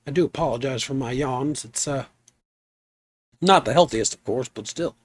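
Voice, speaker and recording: A man's voice: medium pitch, moderate pace, no room sound. Chatty streamer man, dry close sound. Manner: rambling, chatty, trails off into asides. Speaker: game streamer. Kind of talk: relaxed live stream chat.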